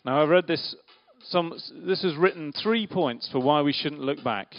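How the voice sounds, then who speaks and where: A man's voice: a little high, moderate pace, soft background music. A man giving an interactive church talk, playfully questioning the audience and directing a volunteer. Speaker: preacher giving a children's talk. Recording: dull lo-fi sound.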